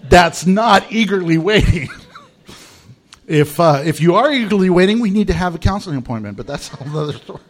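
A man's voice: high voice, animated, normal speed, pauses often. An American male pastor preaching a humorous sermon, telling stories with animation and laughing at his own jokes. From United States.

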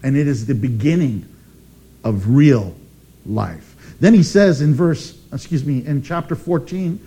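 A man preaching a sermon as pastor, emphatic and animated, with dramatic pauses. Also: mid-range voice, slightly rough.

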